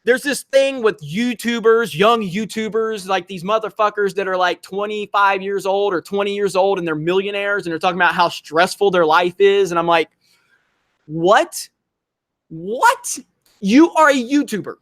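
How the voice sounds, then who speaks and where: A man's voice: high-pitched, steady tone, normal speed, few pauses, fairly bright tone, no echo, clean studio sound. A man hosting a livestream, ranting animatedly in casual, profane chat. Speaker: livestream host.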